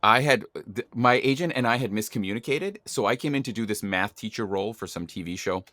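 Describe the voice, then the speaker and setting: A man hosting a podcast, chatting in a lively, emphatic way and acting out quoted dialogue as he tells stories. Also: lowish voice, fast talker, no echo. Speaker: podcast host. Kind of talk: casual podcast conversation.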